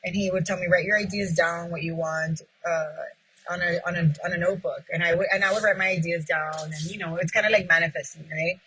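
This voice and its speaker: A woman who owns a pizzeria speaks quickly in a fairly low, steady voice that comes across bright and forceful. Telling her story in an interview, she re-enacts both sides of past talks with plenty of "like." There's some hiss or hum, and the recording is low quality.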